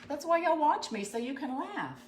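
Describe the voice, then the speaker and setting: A woman's voice: sits high, very animated, normal speed, very noisy. A woman hosting a live craft tutorial, chatting folksily with viewers as she works. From USA. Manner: chatty, folksy, talks to viewers while working. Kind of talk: live craft demonstration chat.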